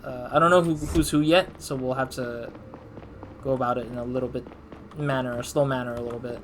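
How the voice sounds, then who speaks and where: A man's voice: mid-range voice, fairly even intonation, a little fast, background noise. A man doing let's play commentary, rambling and thinking aloud in a self-deprecating way. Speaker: gamer.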